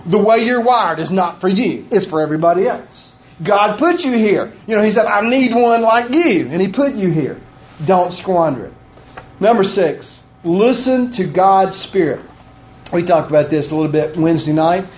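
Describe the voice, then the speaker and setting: A man's voice: sits high, normal speed. A middle-aged man preaching a sermon in a chatty, self-deprecating way, asking the congregation questions as he goes. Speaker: pastor. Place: church sanctuary.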